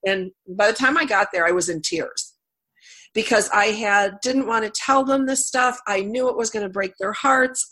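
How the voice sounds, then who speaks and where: A woman's voice: mid-range voice, a bit bright. A middle-aged woman hosting a radio talk show, who has a cold and tells stories chattily, laughing often. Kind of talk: casual interview chat.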